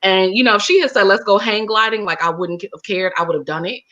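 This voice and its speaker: A woman with a bright, forceful voice tells her story with real animation and expression, as an interview guest. The recording has a slightly dull, lo-fi quality. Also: mid-range voice, fast talker.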